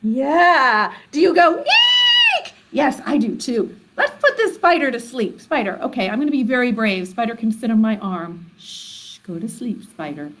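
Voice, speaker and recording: High, animated woman leading storytime. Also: moderate pace, hardly any pauses, background noise. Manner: animated, exaggerated gasps and squeals. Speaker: children's librarian. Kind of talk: children's storytime with songs. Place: library.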